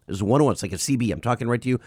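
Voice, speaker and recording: Sick dude cohosting a podcast, wry banter, lively pitch, dry sound. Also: male voice, rapid-fire, husky, no echo. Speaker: podcast co-host. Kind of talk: casual chat.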